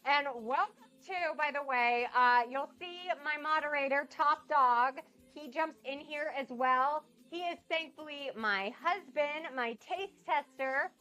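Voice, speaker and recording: Excitable woman chatting on her cooking stream, getting over a cold, bright sharp voice. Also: high-pitched, unhurried, few pauses, faint music behind. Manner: bubbly, gushing and excitable. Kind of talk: casual live-stream chat.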